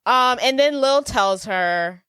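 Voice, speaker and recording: A woman's voice: a little high, slow pace, clean tone, no echo. A woman co-hosting a podcast, telling the plot in casual chat with easy laughter. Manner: laughs easily, lively storytelling. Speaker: podcast co-host. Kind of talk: casual movie recap chat.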